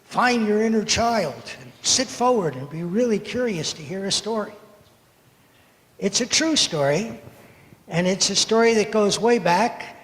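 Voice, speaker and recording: A man in his seventies from the United States telling a story for all ages in a service, animated and playful as he acts out the moments. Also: high voice, measured pace. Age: 70s. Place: sanctuary. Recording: echoey hall reverb.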